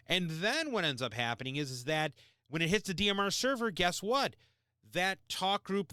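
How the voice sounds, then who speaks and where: A man's voice: a little high, pushed and bright, dry recording, studio quality. A man hosting a podcast, explaining things in a blunt, repetitive, emphatic way. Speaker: podcast host. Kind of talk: explanatory talk.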